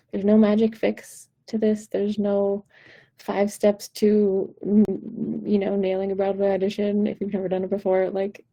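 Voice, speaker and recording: A woman's voice: mid-range voice, gravelly, slightly rough, low-quality recording. A woman vocal coach giving an encouraging, direct pep talk on a live stream. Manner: encouraging, warm-hearted, direct.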